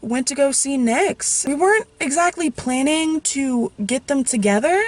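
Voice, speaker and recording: Woman vlogger, slightly high voice, casual emotional storytelling, tearful at times. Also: expressive, a little slow, rough recording. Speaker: YouTube vlogger.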